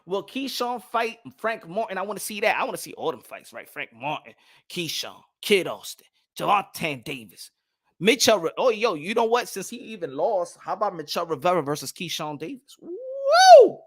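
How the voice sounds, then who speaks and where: A young man hosting a boxing talk show and ranting loudly, repeating himself, with sudden swings from shouting to low muttering. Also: very animated, normal speed. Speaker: boxing commentary host. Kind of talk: animated opinion rant.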